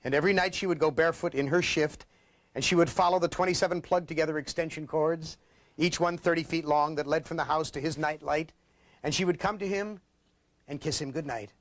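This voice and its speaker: Host man from Ohio in his late fifties, dramatic reader and sardonic commentator, slightly high voice. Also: fairly quick, no room sound. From Ohio, USA. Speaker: host and author. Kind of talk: story reading and commentary.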